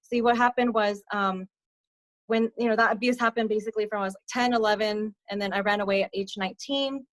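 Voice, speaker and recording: Young woman, podcast guest, personal testimony, soft-spoken, medium pitch, dry close sound. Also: fairly even intonation, fairly quick, no room sound. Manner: soft-spoken, frequent fillers, drops low on hard parts. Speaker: podcast guest, abuse survivor mentor.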